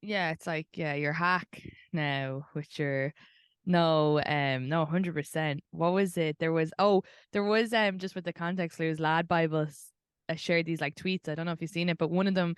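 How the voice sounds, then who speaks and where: A young Irish woman with a smooth, clear voice sits on a video call, chatting and laughing through quick anecdotes. Her voice sits a bit low and sounds dry and close, with no room around it. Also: steady tone, dry recording. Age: young adult. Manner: chatty, laughs often, fast storytelling. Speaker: podcast host, comedian. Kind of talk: casual chat.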